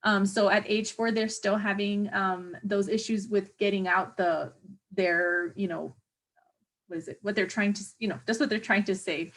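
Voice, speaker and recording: Woman instructor, mid-pitch, casual lecture delivery, filler-heavy, searches for words. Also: a bit bright. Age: adult parent of a young child. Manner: chatty, hesitant, many fillers, searches for words. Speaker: teacher educator. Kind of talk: exam review lecture.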